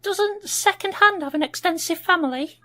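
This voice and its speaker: A woman's voice: very high-pitched, moderate pace, sharp tone. A woman playing a bossy, short-tempered woman in charge, curt and blunt. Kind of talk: sketch comedy acting.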